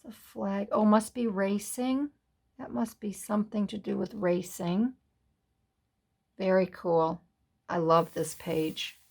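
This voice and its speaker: A woman from the USA hosting a casual craft flip-through, softly gushing over each page. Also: mid-range voice, fairly even intonation, slow pace, creaky. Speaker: craft vlogger.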